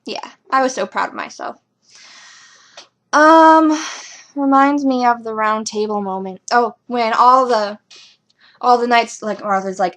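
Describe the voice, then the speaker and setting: Excitable rambling young woman, higher voice. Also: moderate pace. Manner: rambling and excitable, many ums and likes. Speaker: fan vlogger reviewing a TV episode. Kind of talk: casual fan reaction commentary.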